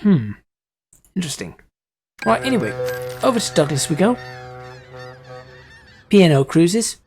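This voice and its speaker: A man's voice: high voice, very animated, unhurried, a little mellow, soft background music. A man giving casual gameplay commentary, thinking aloud with hesitant restarts as he drives. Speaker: gaming channel host.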